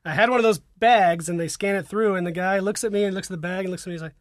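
A man's voice: high voice, rapid-fire, no echo, clean studio sound. A man hosting a podcast, telling a wry, laid-back travel story in casual chat. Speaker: podcast host.

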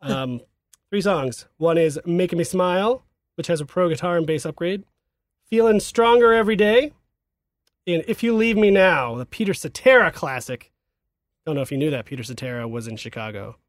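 A man's voice: on the high side, normal speed, no echo, studio quality. A man hosting a gaming podcast in casual chat, joking and laughing often. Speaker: podcast host.

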